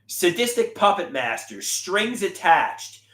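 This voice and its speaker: A man on a livestream showing his artwork, talking in a dramatic, halting way. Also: sits high, big pitch swings, a bit bright. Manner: dramatic, halting, shifting voices. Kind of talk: livestream chat. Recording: roomy echo.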